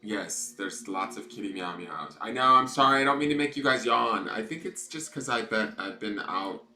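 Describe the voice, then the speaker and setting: A man with a lowish, pushed, bright voice and lively intonation hosts live tarot readings from a desk at home, speaking at normal speed. He chats casually and rambles to his livestream viewers, swearing freely. The room is echoey, with clear background noise.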